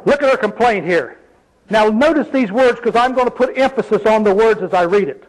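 A man's voice: very high-pitched, fairly quick, low-quality recording. A man preaching a sermon in an emphatic, folksy way, full of rhetorical questions.

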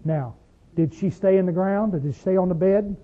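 A man preaching a sermon, asking his listeners questions and swinging between loud stretches and hushed ones. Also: high voice, fairly even intonation, a little fast. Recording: tinny phone-like sound.

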